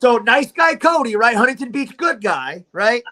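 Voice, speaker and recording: A man's voice: very high-pitched, very animated, normal speed, pushed and bright, rough recording. A man, telling a profane, swaggering fight story as a livestream guest.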